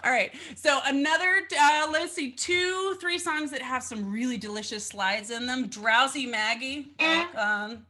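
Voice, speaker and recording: A woman's voice: high voice, unhurried, pushed and bright. A woman teaching fiddle in a casual online lesson, bubbly and chatty with playful asides, heard over a video call.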